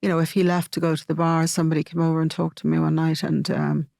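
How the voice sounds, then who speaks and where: A middle-aged woman, an interview guest telling a personal story in a halting way, with many fillers and restarts. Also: sits low, level tone, gravelly, darkish tone, dry recording, studio quality.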